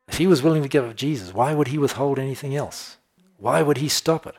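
Male preacher, sermon delivery, emphatic on scripture, chatty asides, mid-range voice. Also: medium pitch. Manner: emphatic scripture reading with slowed stressed phrases; conversational asides with soft laughs.

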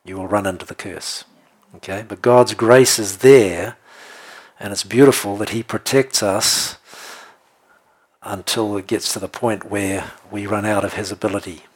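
A man preaching a sermon, animated and playful, often laughing and checking in with the congregation. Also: lowish voice, measured pace, husky. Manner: animated, jokey, laughs often, asks the room "right?". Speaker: pastor.

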